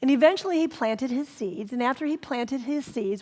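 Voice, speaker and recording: A woman reverend tells a parable in a sermon, her voice pitched somewhat high. She speaks gently and drops to a near whisper to stress a point. Her words ring out with a long reverb in a large hall. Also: lively intonation, moderate pace, hardly any pauses. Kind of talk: sermon storytelling. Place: spiritual center hall.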